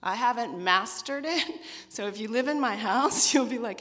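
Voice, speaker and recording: A woman's voice: mid-range voice, expressive, measured pace, a bit bright. Woman, middle-aged, women's ministry leader, personal testimony, candid, self-deprecating, long hall reverb. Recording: echoey hall.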